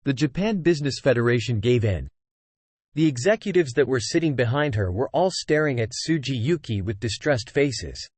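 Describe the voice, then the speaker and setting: A man reads a fantasy web novel aloud at a steady, even pace. His pitch moves around a good deal from phrase to phrase. The sound is dry and close, with no room around it. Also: moderate pace, dry recording. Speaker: audiobook narrator. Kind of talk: plain narration of a web novel.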